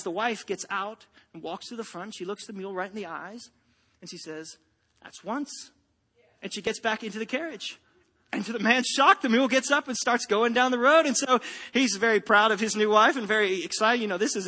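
A man's voice: high-pitched, pushed and bright, long reverb tail. A man preaching a sermon, telling a joke and a story with playful acted-out voices. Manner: joking storyteller, acts out voices. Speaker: pastor.

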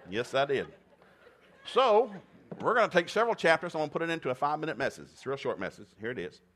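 A man's voice: a little high, big pitch swings, quick pace, a bit bright. Folksy joking preacher man. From East Tennessee, USA. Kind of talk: humorous sermon storytelling.

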